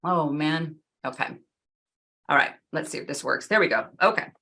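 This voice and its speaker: A middle-aged woman giving a talk in an earnest, emphatic way, slowing down to stress key phrases. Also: low-pitched, vocal fry, sharp tone. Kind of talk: talk with slides.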